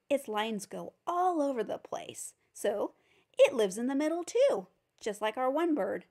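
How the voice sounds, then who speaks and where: A woman giving a phonics lesson for teachers and parents, patiently sounding out each letter. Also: mid-range voice. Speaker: reading teacher.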